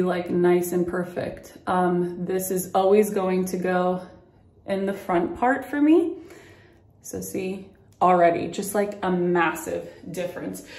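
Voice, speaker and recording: A woman's voice: mid-range voice, a little mellow, reverberant. A young woman chatting through a makeup tutorial at home, a bit out of breath and full of fillers as she demonstrates. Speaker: beauty vlogger. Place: at home by a mirror.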